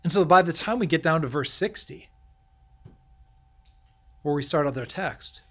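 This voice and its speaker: Man preaching with animated questions. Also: a little high, moderate pace. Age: middle-aged. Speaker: pastor. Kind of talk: sermon.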